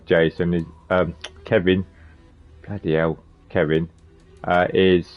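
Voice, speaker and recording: A man with a very low voice rambles through live gameplay commentary, chatting to viewers by name. The sound is a little muffled and lo-fi, with faint game music underneath. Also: fairly even intonation, measured pace. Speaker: game streamer. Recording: slightly muffled lo-fi stream audio.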